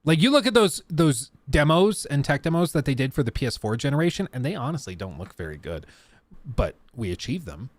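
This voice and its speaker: Guy streaming a reaction, jumpy lively voice, dry close mic, jokes and laughs a lot. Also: mid-range voice, brisk, no room sound. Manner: animated, laughing, joking asides. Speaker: streamer reacting to a game demo. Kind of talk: casual livestream commentary.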